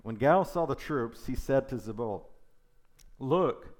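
A man's voice: mid-range voice, expressive, normal speed, darkish tone. A man preaching a sermon, reading scripture aloud and breaking in with casual conversational asides.

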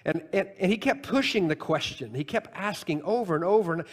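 A man in his sixties preaching a sermon, talking with the congregation in a conversational way and swinging between loud, high emphasis and quiet, low asides. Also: animated, a little fast, in a large hall. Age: 60s. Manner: conversational preaching with wide swings in pitch and loudness. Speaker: pastor.

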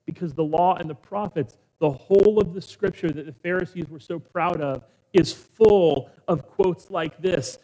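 A man preaching a sermon as pastor, with dramatic pauses, hushed low passages and rousing calls to the congregation. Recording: long hall reverb.

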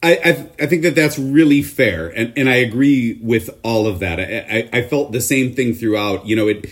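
A man's voice: medium pitch, normal speed. Podcast co-host, man with a mid-range voice, easygoing, repeats words, laughs a lot. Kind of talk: casual movie review chat.

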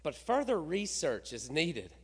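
A man's voice: fairly high pitch, wildly swooping pitch, unhurried, husky. A middle-aged man preaching a sermon, asking rhetorical questions and building to emphatic peaks. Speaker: pastor. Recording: reverberant hall.

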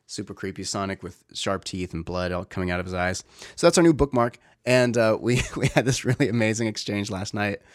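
A man's voice: fairly low pitch, fairly quick, few pauses, no echo, studio quality. A man in his thirties, a father talking in a casual, reflective way, rambling with many fillers and restarts. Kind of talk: casual personal talk.

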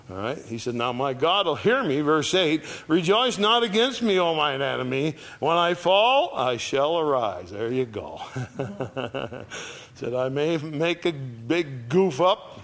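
A man preaching a conversational sermon, reading scripture aloud with rising emphasis and acting out dialogue. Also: mid-range voice. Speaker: pastor.

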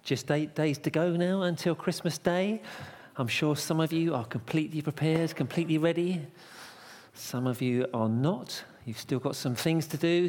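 A man gives a carol service message in a church, keeping it conversational and playful with plenty of puns. His voice is on the high side with a darkish tone. The recording has a long church reverb.

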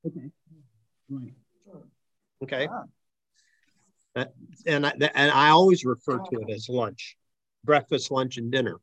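A man's voice: mid-range voice, measured pace, long pauses, fairly bright tone, no room sound. A man with a Midwestern accent, leading a discussion-style lesson, thinking aloud with many ums and uhs. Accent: Midwestern American. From Akron, Ohio. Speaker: class leader.

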